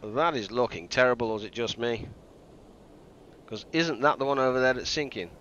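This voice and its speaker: A man's voice: medium pitch, moderate pace, fairly bright tone, highs cut off, slight background noise. A man doing live commentary on a game he is playing, thinking aloud and joking at his own mistakes. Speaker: game streamer.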